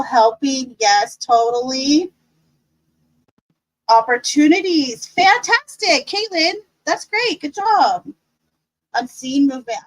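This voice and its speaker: A high-pitched woman leads a relaxed live-stream tarot class. She is cheerful and encouraging, talking in a chatty way with plenty of fillers. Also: rough recording. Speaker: tarot teacher.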